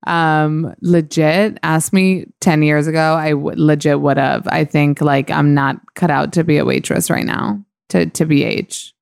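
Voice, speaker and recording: A woman hosts a casual podcast chat, her voice low and resonant. She rambles candidly through fillers and restarts. The sound is close and dry, with no room around it. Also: fairly even intonation, unhurried, gravelly, hardly any pauses, a little mellow, clean tone, dry recording. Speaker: podcast host.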